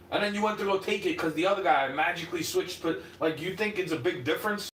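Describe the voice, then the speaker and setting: On a livestream, a man rants unscripted, sarcastic and profane, mocking and mimicking the people he argues with. His high-pitched, fairly bright voice runs a little fast with hardly any pauses. He sounds far from the mic in an echoey room with faint ambience behind him.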